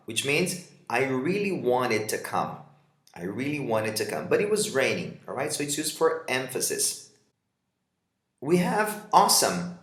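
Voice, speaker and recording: A man teaching an English lesson, Portuguese his first language, his pitch rising and falling a lot as he acts out example lines. The sound is roomy, with a clear echo. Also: a bit bright. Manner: reads example dialogues and explains them, switching to Portuguese for translations. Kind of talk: vocabulary lesson.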